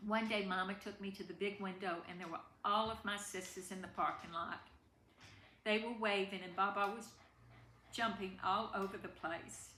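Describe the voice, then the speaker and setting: Bright-voiced woman reading a family story. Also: medium pitch, fairly even intonation, normal speed. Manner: tender, emotional reading. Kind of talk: reading a personal story aloud. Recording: echoey room with faint background noise.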